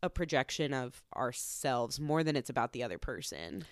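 A woman's voice: rumbling low, animated, normal speed, no room sound, studio quality. A woman co-hosting a casual podcast, speaking candidly and confessionally with loose phrasing. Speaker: podcast co-host. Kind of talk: casual chat.

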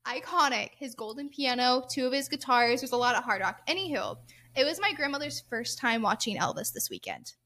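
A young woman co-hosts a casual podcast, telling stories with excitement and frequent laughter. Her voice is high and very bright. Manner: excited, laughing often, quick storytelling. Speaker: podcast co-host. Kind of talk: casual chat.

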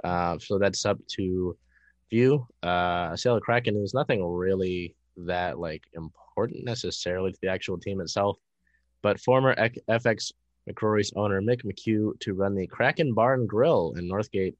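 A young man hosting a casual sports podcast, running through news items quickly with frequent fillers. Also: sits low, no echo, dull audio.

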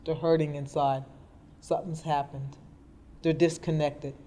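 A woman's voice: low-pitched, level tone, measured pace, warm tone, a little hiss or hum. A middle-aged woman telling her life story in an interview, earnest and plainspoken. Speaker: guest. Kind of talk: personal storytelling in conversation. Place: indoor interview. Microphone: podcast mic.

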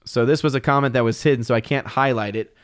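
A man's voice: mid-range voice, fairly even intonation, fast, smooth, dry recording, clean studio sound. A man hosting a casual livestream, reading viewer comments aloud and answering them with amused, chatty asides. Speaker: livestream host reading chat.

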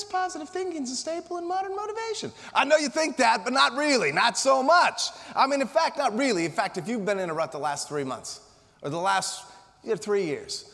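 An American man in his forties giving a humorous, energetic motivational keynote to a live audience, telling punchy, joking stories. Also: high-pitched. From Colorado, USA. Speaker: motivational speaker. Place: conference hall before an audience. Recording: long reverb of a conference hall.

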